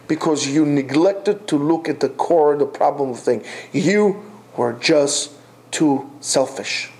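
A man's voice: a little high, slow, darkish tone. A man teaching a Torah class in a classroom, emphatic, repeating his phrases and asking rhetorical questions.

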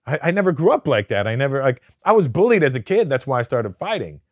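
A man from Canada, a comedian guest telling stories in a casual, profane and animated way. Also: medium pitch, fast, no room sound, clean studio sound. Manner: profane, animated storyteller who acts out the people in his story. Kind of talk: casual storytelling interview.

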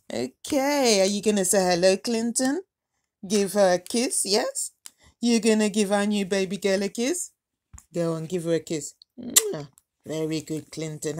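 A woman hosting a doll unboxing vlog at home, talking to her dolls in a gentle, motherly baby-talk voice. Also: medium pitch. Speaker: doll collector and channel host.

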